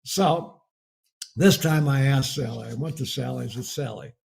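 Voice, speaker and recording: Gravelly, husky man telling a folksy sermon story. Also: mid-range voice, moderate pace, darkish tone. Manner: folksy, chuckles often while telling a story. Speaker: preacher giving a marriage message.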